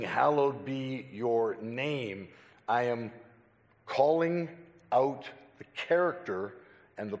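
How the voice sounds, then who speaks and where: A man preaching a Sunday sermon, deliberate and emphatic, with rhetorical questions. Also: mid-range voice. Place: church sanctuary. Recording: long church reverb.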